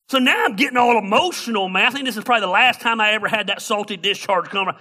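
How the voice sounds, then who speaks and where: A man preaching a sermon as a pastor, telling a story in an animated, humorous way. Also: high-pitched, quick pace, hardly any pauses.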